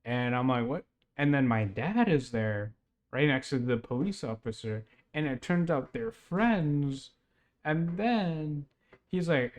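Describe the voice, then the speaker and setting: A man's voice: mid-range voice, moderate pace. A young man casually retelling a strange dream, rambling with lots of fillers and laughs. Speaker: podcast host.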